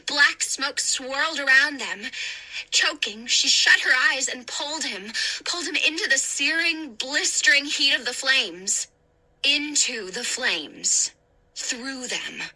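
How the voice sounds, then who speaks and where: A woman reads a spooky chapter book aloud in a deliberate, dramatic way. Her voice sits high and sounds crisp and bright. She takes her time over every line. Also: expressive, low-quality recording. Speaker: narrator. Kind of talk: audiobook reading.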